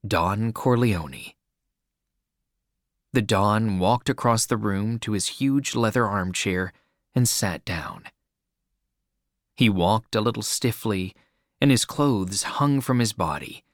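A male narrator reads a story aloud in a measured, even delivery. His voice sits somewhat low, and he takes his time over every sentence. The recording is close and dry, with no room sound. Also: dry recording. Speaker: audiobook narrator. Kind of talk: scripted narration.

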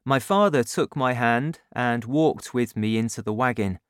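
A narrator reading a story aloud, slowly and clearly, in a deliberate audiobook style. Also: mid-range voice, no echo, clean studio sound.

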